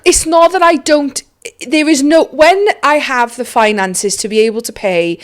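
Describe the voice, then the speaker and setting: A woman's voice: high-pitched, moderate pace. A young adult woman hosting a podcast in casual chat, gushing and emphatic, swearing freely. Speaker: podcast host.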